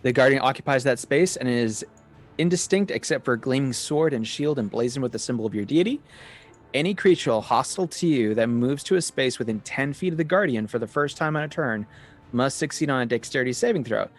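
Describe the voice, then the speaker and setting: A man's voice: mid-range voice, lively intonation, fairly quick, soft background music. A man playing a cleric in a tabletop game, reading spell rules aloud steadily. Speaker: player, cleric.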